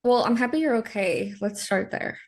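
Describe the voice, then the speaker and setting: A woman's voice: on the high side, expressive, moderate pace. A young woman co-hosting a podcast, chatting casually and laughing along as she listens. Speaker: podcast co-host. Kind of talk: casual chat.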